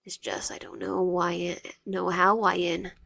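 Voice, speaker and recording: A woman's voice: lowish voice, sing-song, unhurried, vocal fry, sharp tone, no room sound, clean studio sound, full character voice. A woman voicing a possessive, tearful teenage boy classmate who pleads and clings. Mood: pleading.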